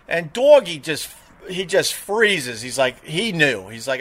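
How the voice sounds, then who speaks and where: A middle-aged man hosting a show, chatting casually and telling a story with lively retold dialogue. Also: a little high, unhurried. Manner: animated storyteller, mimics voices in retold dialogue. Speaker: show host.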